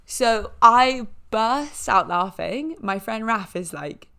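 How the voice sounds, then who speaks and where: A woman hosting a podcast, telling a story in a chatty, animated way with lots of fillers and small impressions of other people. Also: on the high side, takes it slowly, creaky, clear, resonant tone. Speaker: podcast host. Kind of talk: casual storytelling.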